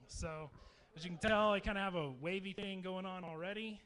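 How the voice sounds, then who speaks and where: A man in his thirties from Texas, speaking to campers in a dark meeting hall, telling jokes and stories in a chatty way. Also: high voice, steady tone, brisk. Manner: joking, chatty storyteller. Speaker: youth camp speaker. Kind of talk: humorous youth talk to campers.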